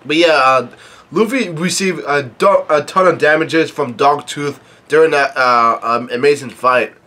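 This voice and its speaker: Male reaction host, slightly raised pitch, unpolished and hesitant, casual read-through. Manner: halting, full of fillers and restarts; reads quoted dialogue flatly without acting.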